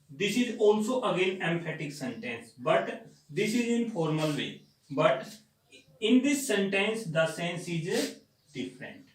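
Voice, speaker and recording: A male teacher with an Indian English accent, giving a grammar lecture slowly and deliberately and repeating words for emphasis. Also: a little high, sing-song, distant mic. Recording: echoey room, voice set back from the mic.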